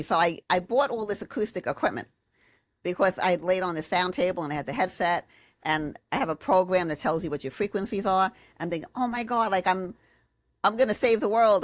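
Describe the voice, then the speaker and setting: Chatty woman guest on a podcast, lively, throws big voices into her stories, dry close sound. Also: on the low side, no room sound. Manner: animated, acts out quotes in big voices. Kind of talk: casual conversation.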